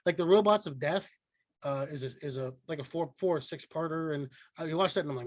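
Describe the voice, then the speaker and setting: Male podcast co-host, slightly high voice, dry close mic, rambling and profane. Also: fairly quick, no room sound. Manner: rambling, profane, frequent restarts and fillers. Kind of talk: casual podcast chat.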